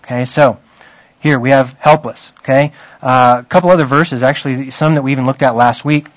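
A man's voice: mid-range voice, fairly even intonation, brisk, no room sound, lo-fi sound. A man teaching a Bible study in a conversational way, often checking in with his listeners.

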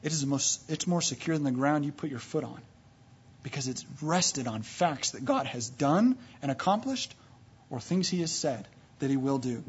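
Male preacher, slightly high and husky, emphatic sermon delivery, muffled lo-fi recording. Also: animated, normal speed. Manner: emphatic, building from low and quiet to loud and high; retells scripture stories with quoted voices. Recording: dull lo-fi recording.

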